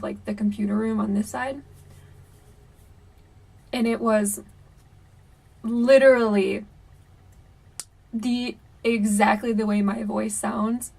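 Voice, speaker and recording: A young woman tells a spooky story from her own life straight to her viewers, chatty and animated, with plenty of "um"s and "like"s. Her voice sits at an ordinary middle pitch, and the mic is a little distant from her. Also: gravelly. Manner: chatty, animated, many fillers like "um" and "like". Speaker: YouTuber. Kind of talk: casual storytelling to camera.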